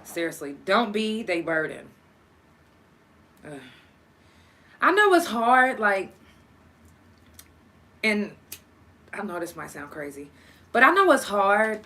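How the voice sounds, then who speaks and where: A woman's voice: mid-range voice, slow pace, long pauses. A young woman hosting a casual solo podcast, cursing freely and talking straight to her listeners. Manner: profane, animated, talks to listeners directly. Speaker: podcast host.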